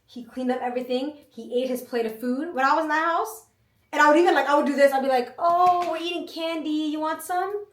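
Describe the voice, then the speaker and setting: A young woman co-hosting a casual podcast, telling lively stories to viewers and swearing as she goes. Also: high voice, quick pace. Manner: lively storyteller, swears, addresses viewers as guys. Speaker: podcast co-host. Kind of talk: casual chat. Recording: echoey room, mic at a distance.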